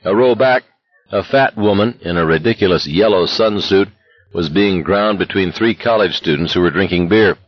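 A man narrating an audiobook in a steady, intense voice. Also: sits low, normal speed, dry recording, highs cut off. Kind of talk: scripted narration.

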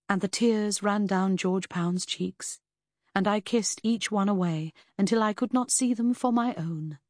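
Low-voiced woman narrating an audiobook. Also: a little slow, no room sound, studio quality. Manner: expressive, lively storytelling that shifts into character voices. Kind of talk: scripted first-person audiobook narration.

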